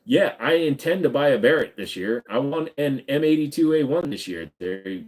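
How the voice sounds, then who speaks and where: A man's voice: mid-range voice, animated, normal speed, darkish tone. A man hosting a live stream, chatting casually with viewers in a rambling, joking and profane way.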